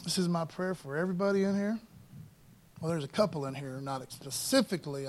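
A man with a high voice preaches a sermon in loose, everyday speech. He keeps tossing in "man" and "you know" and slows down to press hard on the scripture he reads. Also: darkish tone. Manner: reads scripture slowly and emphatically. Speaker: pastor.

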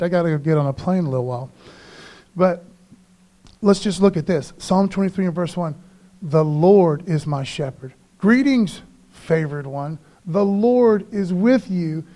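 A man preaching a sermon in church, casual and animated, often calling listeners "man.". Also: high-pitched.

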